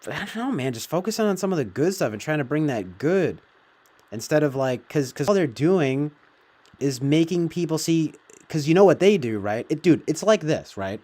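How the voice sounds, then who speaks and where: A man's voice: on the high side, very animated, moderate pace, darkish tone. A man giving a meandering commentary, heavy on fillers and swearing. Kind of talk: casual rambling commentary.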